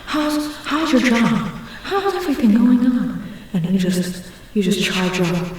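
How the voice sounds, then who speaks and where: A woman's voice: medium pitch, lively intonation, unhurried, darkish tone, far from the mic, a little hiss or hum, natural voice. A woman doing a spacey 1960s hippie guy. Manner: rambling, drawling, spacey. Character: laid-back groovy 1960s hippie man. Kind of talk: ASMR role-play. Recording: echoey room, off mic.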